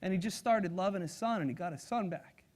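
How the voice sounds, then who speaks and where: High-voiced energetic male seminar trainer. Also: a little fast. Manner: energetic, audience-engaging, acts out personality types. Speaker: sales trainer. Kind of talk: live seminar talk. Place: seminar room with audience.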